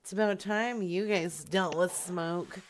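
A woman's voice: on the low side, a little slow, slight background noise. A woman co-hosting, chatting in giggly, profane comedic banter. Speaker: podcast co-host.

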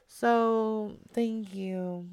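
A woman's voice: fairly high pitch, fairly even intonation, drawn-out words, a little mellow. A woman streaming live, chatting casually with her audience and swearing freely.

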